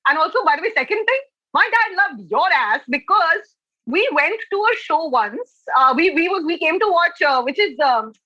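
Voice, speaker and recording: Young woman guest on a call, high bright voice, chatty, swears a bit. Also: sing-song, normal speed, dry recording, muffled recording. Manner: chatty, storytelling, swears casually. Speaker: guest, comedian. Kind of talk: casual podcast chat. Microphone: remote call.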